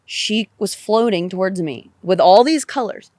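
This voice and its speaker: A woman podcast guest telling a personal story in an animated way, repeating phrases and swearing casually. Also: mid-range voice, measured pace, no echo.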